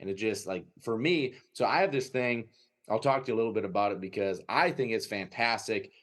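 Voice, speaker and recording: A man, a dog trainer and breeder, chatting on a podcast in a lively storytelling way, acting out dogs and owners and tagging his points with "right?". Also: on the low side, brisk. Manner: filler-heavy, frequent "right?" tags. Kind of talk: casual podcast conversation.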